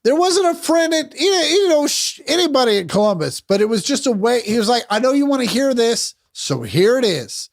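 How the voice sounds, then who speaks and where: A man comedian telling quick, enthusiastic anecdotes in a podcast chat. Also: very high voice, big pitch swings, gravelly.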